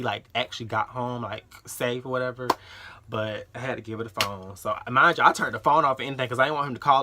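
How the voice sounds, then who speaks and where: A young man in his late teens telling a storytime vlog, animated and acting out other people's lines. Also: medium pitch. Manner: animated, acts out the dialogue of others. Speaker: vlogger.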